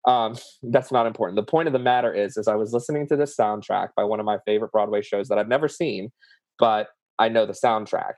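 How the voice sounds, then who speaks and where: A man's voice: fairly low pitch, steady tone, quick pace, darkish tone, no room sound. A man with a Southern US accent, speaking earnestly and emotionally as a guest, sharing vivid personal examples. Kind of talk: candid conversation about emotions.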